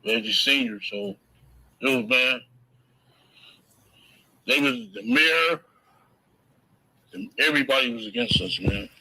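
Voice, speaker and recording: A man's voice: mid-range voice, sing-song, slow, vocal fry, pauses often, pushed and bright, rough recording. A man interviewed in a recording, telling stories casually in profane, slangy language. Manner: laid-back, profane, slangy. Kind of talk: casual storytelling.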